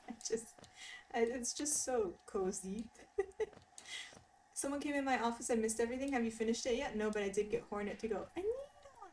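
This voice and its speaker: A woman's voice: a little high, moderate pace, pauses often, a little mellow, far from the mic, slight background noise. A woman chatting casually and giggling with her viewers while she streams a video game. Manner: giggly, chatty, reacts to chat. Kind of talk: casual gaming stream chat. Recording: voice a bit off-mic over game music. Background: game music.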